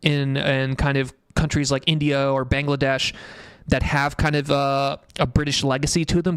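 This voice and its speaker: A man's voice: mid-range voice, fairly bright tone, smooth, no room sound, clean studio sound. A man hosting a casual tech livestream, rambling in a blunt, profane way and reading chat comments aloud. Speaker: livestream host.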